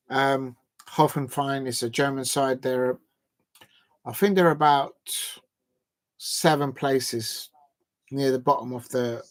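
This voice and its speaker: A man hosting a live football transfer show, talking casually and hesitantly with lots of fillers. His voice sits at a middle pitch and sounds dry and close, with no room echo. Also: vocal fry. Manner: chatty, hesitant, many fillers, reads quotes aloud.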